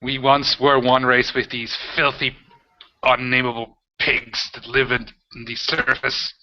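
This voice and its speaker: Contemptuous male underground dwarf leader, put on by the game master, sharp tone, game-table audio. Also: medium pitch, little pitch movement, measured pace, a little hiss or hum. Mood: scornful. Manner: contemptuous, spits words. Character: hostile, sneering male deep dwarf leader. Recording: dull lo-fi home recording.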